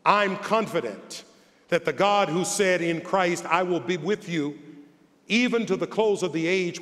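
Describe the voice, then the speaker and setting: A man preaching as a bishop, his high voice sitting well above most men's. He takes his time, stretching phrases out and repeating lines for weight. The sound rings with the long tail of a large hall. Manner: builds from quiet drawn-out phrases to shouted, rising preaching; repeats phrases for emphasis, folksy asides. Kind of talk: sermon.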